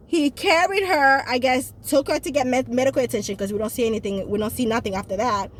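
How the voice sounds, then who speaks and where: A woman's voice: sits high, fast talker, few pauses. A woman in casual chat, reviewing a movie and talking straight to her viewers in an emphatic way.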